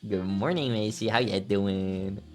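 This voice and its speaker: A man's voice: on the low side, unhurried, darkish tone, faint music behind. A man streaming live as a VTuber, chatting casually and playfully, often giggling and bursting into theatrical outbursts. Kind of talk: casual livestream chat.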